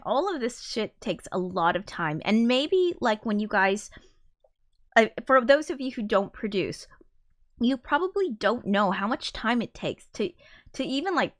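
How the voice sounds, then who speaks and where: A woman's voice: on the high side, lively intonation, measured pace, a bit bright. A woman musician chatting casually to viewers on her live stream, rambling with lots of fillers and swearing and reading out viewer comments. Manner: reads viewer comments aloud.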